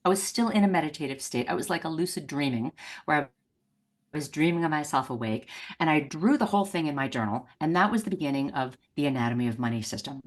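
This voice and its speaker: A woman's voice: low voice, quick pace. A middle-aged woman, a money mindset coach, telling a personal story in a podcast conversation and acting out the voices she quotes. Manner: animated, acts out quoted voices.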